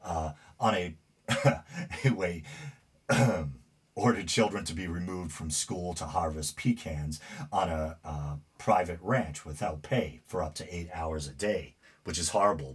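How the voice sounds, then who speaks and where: Reading news aloud on his podcast, a man with a New England accent offers loose commentary in a slightly rough bass voice at normal speed. He uses plenty of fillers and drifts into indignant, rambling remarks.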